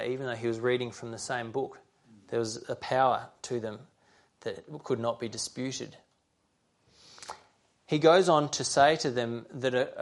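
A man preaching a sermon, reading scripture aloud and earnestly addressing his listeners directly. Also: mid-range voice.

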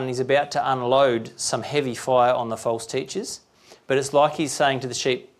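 A man delivers a sermon in a conversational, down-to-earth preaching style, often pausing to ask his listeners rhetorical questions. His voice sits at a mid pitch with a gravelly, creaky texture. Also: fairly even intonation.

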